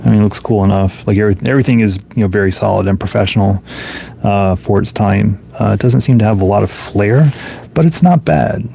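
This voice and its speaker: A man's voice: lowish voice, fairly quick, vocal fry, dark tone, breathy edge. A man casually thinking aloud as he flips through and reviews old comic books, offhand and musing. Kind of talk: casual solo commentary.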